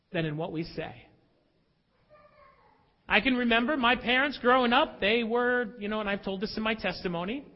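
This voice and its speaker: Male pastor, very high voice, emphatic confessional preaching, echoing hall. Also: lo-fi sound. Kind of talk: sermon.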